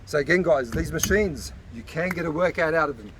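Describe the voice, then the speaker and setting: In this casual workout demo at an outdoor beach park, a fitness coach speaks fairly quickly at a fairly high pitch with lively intonation. He stays encouraging while a bit out of breath. Traffic noise comes through the distant outdoor mic.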